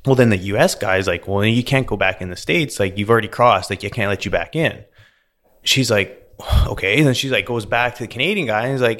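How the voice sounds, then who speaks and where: A man co-hosting a podcast, retelling a story in a casual, animated way full of "like"s. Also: fairly low pitch, brisk. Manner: animated, filler-heavy retelling with many "like"s. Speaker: podcast co-host.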